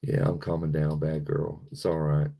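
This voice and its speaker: This American stream host has a rumbling low, dark voice with vocal fry, delivered in a monotone at normal speed. He reads chat aloud and rants angrily with plenty of profanity.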